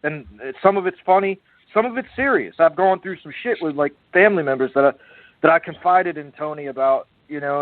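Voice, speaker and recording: A man's voice: on the high side, no echo. A man co-hosting a casual online talk show, rambling, profane and earnest as he talks about a friend. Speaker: podcast co-host. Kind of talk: casual chat. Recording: tinny phone-line audio.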